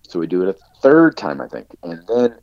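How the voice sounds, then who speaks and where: A man's voice: low voice, normal speed, no echo. A man, an actor guest on a podcast, telling a long anecdote casually and animatedly, full of "like" fillers. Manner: animated storyteller, heavy use of "like" fillers. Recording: dull lo-fi dry sound.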